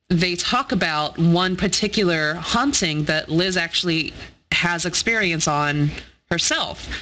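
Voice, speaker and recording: A man's voice: on the high side, sharp tone, slight background noise, poor audio. A man co-hosting a podcast, chatting casually and enthusiastically, swearing now and then. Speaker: podcast co-host. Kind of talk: casual chat.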